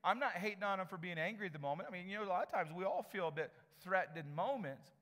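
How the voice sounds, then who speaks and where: A man's voice: high voice, lively intonation, fast talker, a bit bright, in a large hall. A male pastor preaching a sermon in a conversational way, often repeating words as he builds his point, in a church.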